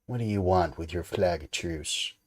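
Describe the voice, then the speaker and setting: A man's voice: low voice, normal speed, slightly rough. A man voicing a stern naval sea captain who gives clipped, commanding orders.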